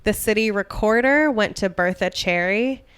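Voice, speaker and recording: A woman's voice: medium pitch, moderate pace, a bit bright, clear, resonant tone, no echo. A young adult woman co-hosting a comedy history podcast, telling the story casually with jokes and asides. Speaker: podcast co-host.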